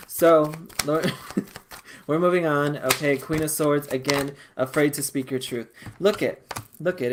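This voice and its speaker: A man giving a casual collective tarot reading, talking in a sassy, profane and animated way and calling listeners honey. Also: a little high. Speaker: tarot reader.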